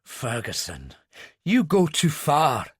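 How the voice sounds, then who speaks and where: A man's voice: high voice, very animated, a little slow, no echo, clean studio sound, pitched above the performer's own voice. A man voicing a stiff, indignant British intelligence official with a prickly manner.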